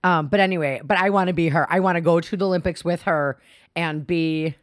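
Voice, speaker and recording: A young woman with a low, deep-set voice chats loosely on a podcast, tumbling through stories with frequent laughs and false starts. The sound is close and dry, with no room around it. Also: steady tone, a little fast, no echo. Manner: rambling, laughs often, restarts mid-sentence. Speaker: podcast co-host. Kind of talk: casual chat.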